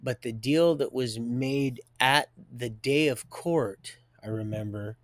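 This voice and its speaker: A man's voice: mid-range voice, slow, no echo. Middle-aged guy streaming from home, folksy and rambly, keeps restarting his sentences, plain mid voice, dry close sound. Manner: digressive, folksy, many restarts and asides. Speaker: live streamer telling his life story. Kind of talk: rambling personal storytelling. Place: home, with a door and heater nearby.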